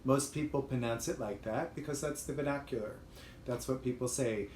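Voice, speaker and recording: A man's voice: mid-range voice, moderate pace, a little mellow, roomy sound, a little hiss or hum. A man hosting a livestream and teaching a chant, explaining in a chatty way with fillers. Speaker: host and chant leader.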